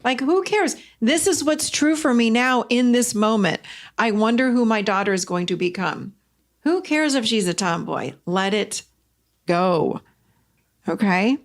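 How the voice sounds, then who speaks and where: A middle-aged woman hosting a casual solo podcast, animated and expressive, swinging between bright emphasis and low confiding asides. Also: a little slow. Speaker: podcast host.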